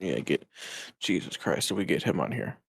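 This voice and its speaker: Gravelly-voiced man in rambling, profane chat. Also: low-pitched, animated, normal speed, no echo. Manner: profane, rambling, trails off and restarts. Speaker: podcast co-host and editor. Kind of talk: casual podcast chat.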